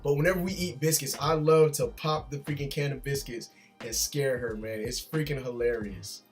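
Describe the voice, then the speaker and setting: An army drill sergeant vlogs from his gaming chair at home, reacting casually in a loose, chatty way and often tagging "man" and "bro". His mid-range voice has fairly even intonation and a moderate pace, over soft background music.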